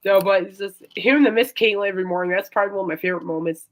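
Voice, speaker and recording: A woman's voice: medium pitch, very fast, few pauses. A woman hosting a casual chat show, rambling and laughing often. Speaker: host.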